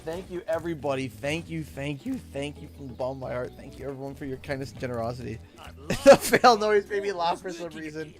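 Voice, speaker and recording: Excitable Canadian guy, high voice. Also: fairly quick, soft background music. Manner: excitable, thanks donors warmly and often. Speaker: game streamer. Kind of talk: live gameplay stream chat.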